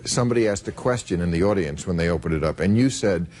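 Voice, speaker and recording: A man conducts a casual interview in a joking, blunt manner. His voice swings widely and lively in pitch. A faint background hum sits behind him. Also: fast.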